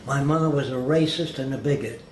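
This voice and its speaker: A man's voice: medium pitch, a little fast, darkish tone. An older man, a guest in an interview, rambling through anecdotes and acting out the people he quotes. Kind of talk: storytelling in an interview. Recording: roomy, faint background hiss.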